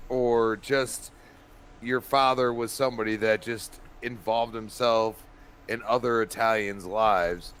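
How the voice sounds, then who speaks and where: This podcast co-host has a medium-pitched voice, with a little hiss or hum in the recording. Animated and rambling, he tells family stories in a casual chat, full of restarts and laughter.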